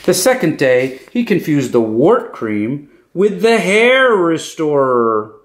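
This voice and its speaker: A man reading a children's picture book aloud as a clown storyteller, in an expressive manner. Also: on the high side, slow. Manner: expressive, animated.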